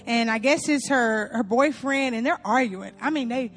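A woman from Louisiana telling a funny story to an audience, animated, laughing often and calling her listeners y'all. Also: a little high, normal speed, faint music behind.

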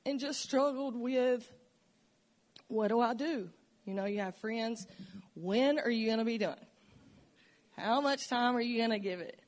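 In a church sanctuary, a woman gives a personal testimony about her faith and her struggles, earnest, emotional and reflective. Her voice leans high, and she speaks a little slowly with frequent pauses.

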